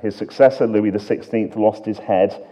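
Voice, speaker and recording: A low-pitched man preaches a sermon, earnest and searching, leaning on rhetorical questions. He swings from emphatic lines down to quiet, hushed ones. The recording sounds dull and lo-fi. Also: fairly even intonation, moderate pace.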